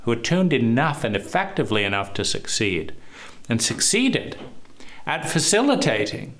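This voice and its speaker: Male speaker, mid pitch, emphatic teacher's delivery, rhetorical questions, sweeping stress. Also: sing-song, normal speed, a bit bright. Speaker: trauma therapist teaching. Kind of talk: recorded talk on trauma and love.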